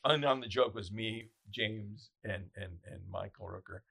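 Gravelly, husky man telling lively stories. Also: unhurried. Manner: animated, acts out other people in high voices. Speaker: event photographer. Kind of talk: casual interview storytelling.

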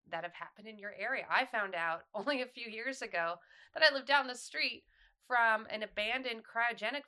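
Woman podcast guest, stuffy and sniffly, bright tone, rambling giggly chat. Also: mid-range voice, clean tone. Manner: laid-back, giggly, rambling. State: congested and sniffly from allergies.

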